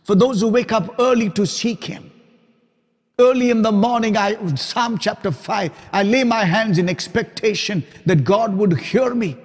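A man preaching with a high, bright voice that rings out in a hall with a long reverb. He builds his points through repetition and lowers his voice almost to a whisper for quiet moments. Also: unhurried. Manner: emphatic preaching, dropping to soft whispers for quoted lines. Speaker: pastor. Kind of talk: sermon.

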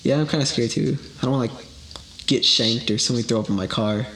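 A man's voice: medium pitch, fast, noisy background. A young man co-hosting a casual podcast chat, joking at his own expense and swearing freely. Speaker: podcast co-host.

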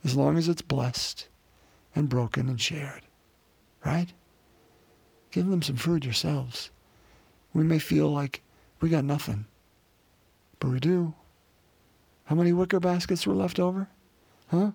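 A man's voice: on the high side, unhurried, creaky, long pauses, darkish tone, husky, dry recording. A man preaching a sermon in an earnest way, with frequent restarts and rhetorical questions.

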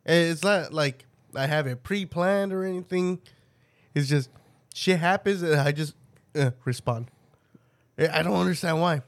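A man with a high, light voice co-hosts a casual podcast. He chats loosely and jokes constantly, cursing freely and breaking into laughter. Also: moderate pace. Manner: profane, joking, laughs often. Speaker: podcast co-host. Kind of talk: casual chat.

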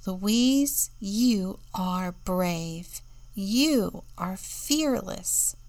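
A woman's voice: mid-range voice, very animated, slow pace, dry recording. A woman voicing a bold, boastful young girl in a children's storybook reading. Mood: admiring.

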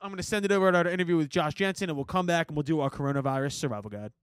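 A man's voice: fairly high pitch, a little hiss or hum. A man hosting a podcast, joking with friends and reading a sponsor spot. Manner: joking, reads sponsor spots quickly. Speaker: podcast host. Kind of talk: casual chat.

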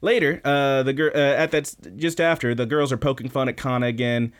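A man's voice: medium pitch, fairly even intonation, fairly quick, smooth. A man hosting a podcast, recapping an episode in a casual, rambling way with lots of fillers and restarts. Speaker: podcast host.

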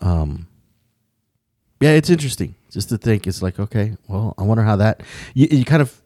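A man's voice: lowish voice, expressive, normal speed, warm tone, no room sound, clean studio sound. A man in casual conversation, rambling with frequent restarts and casual swearing. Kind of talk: casual chat.

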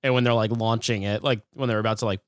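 A man co-hosting a podcast in casual chat, laid-back and quick to laugh. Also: on the low side, fairly even intonation, no room sound, studio quality. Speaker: podcast co-host.

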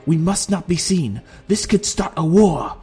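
A man's voice: sits high, expressive, measured pace, a little mellow, husky, soft background music, pitched above the performer's own voice, exaggerated voice. A male narrator voicing a stern male general who gives clipped, urgent orders. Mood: grim resolve.

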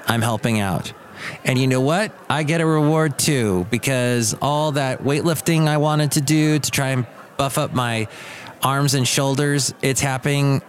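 A man hosting his own podcast, talking in a rambling, wry and self-deprecating way, now and then slipping into quick silly voices. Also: mid-range voice. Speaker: podcast host. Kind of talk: rambling solo podcast monologue. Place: Bay Area.

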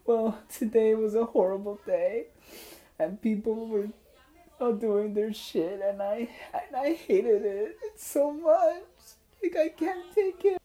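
Guy putting on a crying young schoolgirl, squeaky high falsetto, all shaky and sobbing. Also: slow, mellow. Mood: tearful. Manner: high quavering falsetto, voice breaking into sobs.

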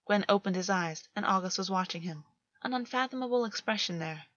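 A woman's voice: medium pitch, brisk, fairly bright tone, no echo. Woman reading a story, dull lo-fi sound. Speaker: reader. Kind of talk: scripted narration.

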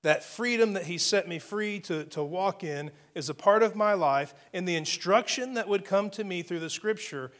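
A man's voice: sits high, normal speed, few pauses, fairly bright tone. A man preaching a sermon, earnest, stopping often to restart a phrase and add "I mean" asides. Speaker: pastor.

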